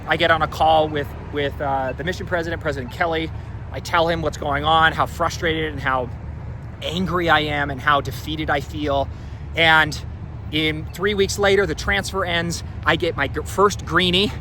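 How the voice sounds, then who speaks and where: A young man self-recording a candid, animated personal story, with restarts and frequent "like.". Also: fairly high pitch. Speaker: returned missionary telling a personal story. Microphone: self-recording on a phone or camera. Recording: outdoor recording with traffic noise.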